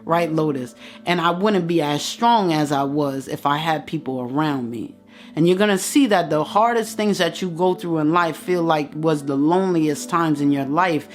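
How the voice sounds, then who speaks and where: A woman's voice: sits low, normal speed, soft background music. A woman giving an impassioned motivational address, preaching straight at her listeners and repeating phrases for emphasis. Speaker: motivational speaker.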